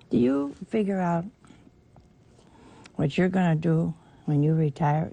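A woman's voice: fairly low pitch, lively intonation, unhurried, creaky, pauses often, dark tone. A woman preaching a folksy sermon, teasing her listeners and acting out the people in a parable.

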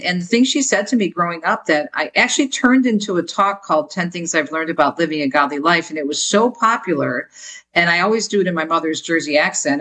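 A woman's voice: on the low side, a bit bright, rough recording. A middle-aged woman being interviewed as an author, talking earnestly and energetically, often repeating words as she starts a thought. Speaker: author and guest. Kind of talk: casual interview talk.

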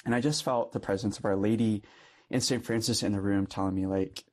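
A man's voice: fairly low pitch, steady tone, fairly quick. A young man, a Catholic priest, telling a personal story in earnest conversation and laughing often. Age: young adult.

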